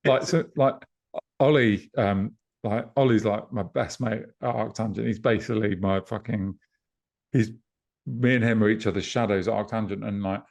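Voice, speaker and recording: A man co-hosting a podcast over a video call, talking in a relaxed, reflective way and reading out listener questions. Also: on the low side, moderate pace, gravelly. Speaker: podcast co-host and festival promoter.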